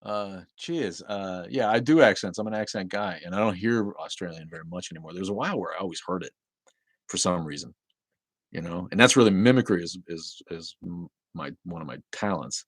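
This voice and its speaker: Low-voiced, rambling New England man. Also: brisk, no room sound, clean studio sound. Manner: rambling and chatty, with stammered restarts. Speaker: livestream host. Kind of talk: casual livestream chat answering viewer comments.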